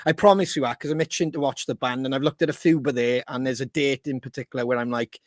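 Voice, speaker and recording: A man's voice: mid-range voice, fast talker, no echo, clean studio sound. A man hosting a podcast, telling stories in casual chat and swearing a lot. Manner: swears constantly, animated storyteller. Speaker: podcast host. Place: home studio on a live video stream.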